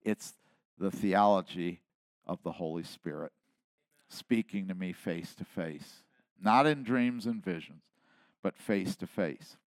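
A man in his seventies delivers a sermon in a low voice at an unhurried pace. He drops to near-whispered asides, then rises to loud, emphatic declarations. The sound is dry and close. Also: no echo. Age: 70s. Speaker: pastor.

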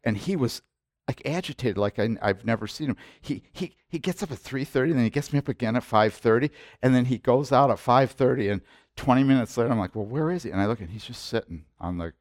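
An older man delivers a sermon in a mid-range voice, close to the mic with almost no room sound. He talks like he is telling a story, swinging between quiet asides and loud bursts of preaching. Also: mid-range voice, lively intonation, fast talker, no echo. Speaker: pastor.

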